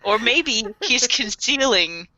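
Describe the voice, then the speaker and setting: A woman hosting a podcast in casual recap chat, animated, laughing often and acting out characters. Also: fairly high pitch, slow pace, dry recording, lo-fi sound. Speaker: podcast host.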